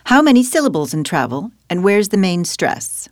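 A language teacher with a mid-range, very animated voice teaches spelling in a scripted dialogue at normal speed. She patiently guides her partner with questions and prompts, recorded dry with a clean studio sound.

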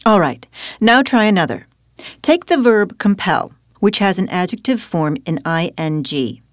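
A woman's voice: medium pitch, expressive, a little slow, no echo, clean studio sound. A woman teaching spelling in a scripted dialogue, guiding her partner patiently with questions. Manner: patient, questioning, guides with prompts. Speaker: language teacher.

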